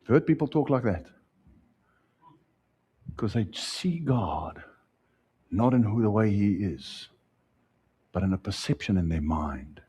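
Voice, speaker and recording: A South African pastor delivers his sermon in a husky, mellow voice. He climbs loud and high on key points, then falls back to quiet, low asides. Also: moderate pace. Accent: South African English. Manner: preaching with wide swings, rising loud then dropping soft.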